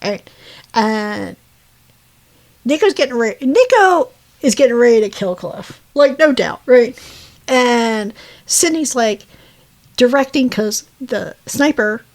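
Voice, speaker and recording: A woman's voice: a little high, lively intonation, slow, pauses often. A woman casually recapping a movie plot, rambling with fillers, self-corrections and laughing asides. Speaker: podcast co-host.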